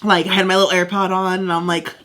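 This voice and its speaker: A woman's voice: fairly low pitch, flat delivery, fast, fairly bright tone. A young woman co-hosting a podcast, chatting casually and telling stories with lots of "like" fillers. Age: young adult. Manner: chatty storyteller, acts out quoted voices, frequent "like". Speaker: podcast co-host. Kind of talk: casual chat.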